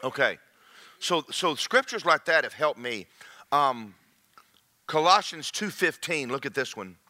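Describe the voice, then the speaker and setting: A middle-aged preacher delivers a sermon with humor, slipping into playful impressions as he goes. His voice sits fairly high and bright, swinging widely in pitch. The sound is close and dry. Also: a little slow, dry recording. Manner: lively, joking, acts out quoted voices.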